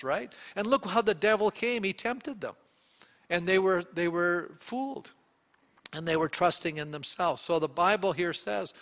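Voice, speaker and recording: A male pastor preaching a sermon, animated and often putting questions to the congregation. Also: high voice, long reverb tail.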